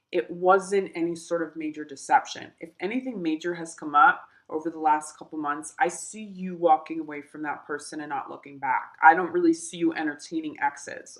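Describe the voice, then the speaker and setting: Chatty, reassuring woman tarot reader. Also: deep voice. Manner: chatty and reassuring, addresses viewers directly; animated, with laughs and emphatic repeats. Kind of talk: tarot reading monologue.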